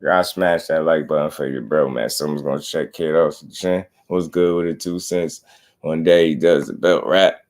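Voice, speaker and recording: A man's voice: rumbling low, fairly even intonation, normal speed, darkish tone. A man hosting a boxing channel live stream, chatting casually with slangy, laid-back talk and greeting viewers.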